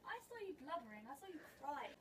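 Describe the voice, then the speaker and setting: A woman's voice: sits high, sing-song, fast talker, a bit bright, slight background noise. A woman joking with her sister, teasing her in casual chat. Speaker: vlogger's sister.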